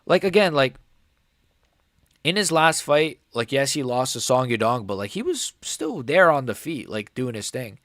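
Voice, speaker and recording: A young man hosting a live fight reaction stream, rambling casually with lots of "like" and "bro" while his voice sometimes cracks high. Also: sing-song, moderate pace, a bit bright, no room sound, studio quality. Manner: rambling, filler-heavy, says "like" and "bro" often. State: voice cracking upward at times.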